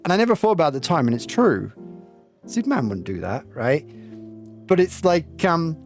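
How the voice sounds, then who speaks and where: Talking a little fast in a highish voice with huge pitch swings, this streamer rambles and reflects with lots of ums as he plays and chats with his live audience. Game music sits faintly in the background.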